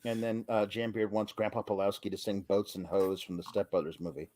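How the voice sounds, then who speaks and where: A man's voice: on the low side, little pitch movement, brisk, a little mellow. A man chatting casually on a live stream, stammering and rambling with lots of fillers as he answers chat requests.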